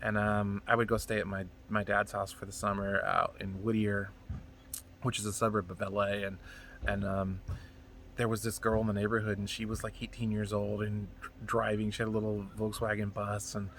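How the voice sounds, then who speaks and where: Bright-voiced man rambling through a story. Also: lowish voice, moderate pace, slight background noise. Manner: rambling, profane, animated retelling. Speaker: comedian telling stories. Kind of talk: casual storytelling monologue.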